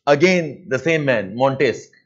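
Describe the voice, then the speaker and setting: A man with an Indian English accent teaching a live online class, dictating points and repeating them slowly, with Hindi asides mixed in. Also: medium pitch, sing-song, dull audio. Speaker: lecturer.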